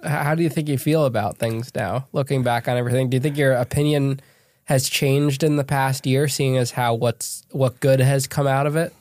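A man's voice: mid-range voice, steady tone, normal speed, darkish tone, no echo. A young man hosting a podcast in a studio, reading an upbeat intro and chatting loosely with his guest. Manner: upbeat, reads an intro then chats loosely with fillers. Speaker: podcast host.

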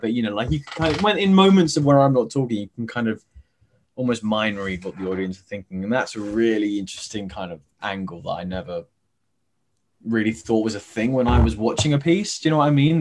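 A man's voice: medium pitch, a little mellow, slight background noise. A man, a stage actor, chatting as an interview guest over a video call, rambling with many fillers and restarts.

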